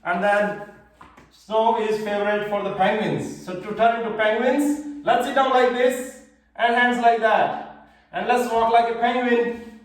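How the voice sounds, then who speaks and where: A man's voice: sits high, fairly even intonation, unhurried. Guy leading a kids yoga class online, upbeat easy instructions, sounds far off in a super echoey room. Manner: cheerful, simple step-by-step cues to children.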